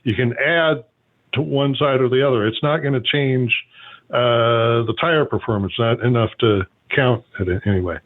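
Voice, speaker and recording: This call-in radio host is a man with a medium-pitched voice and an ordinary speaking rate. He goes on at length, padding his explanations with many fillers, and the sound is thin, like a phone line.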